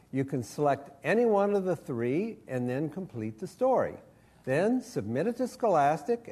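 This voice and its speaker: Older man telling a ghost story to kids. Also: mid-range voice. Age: 60s. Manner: animated, coaxing the audience for answers. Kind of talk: interactive live storytelling.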